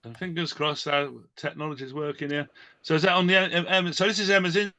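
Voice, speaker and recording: Bright, enthusiastic male host. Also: fairly high pitch, fairly even intonation. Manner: enthusiastic, halting, many fillers. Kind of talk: hosting an event panel.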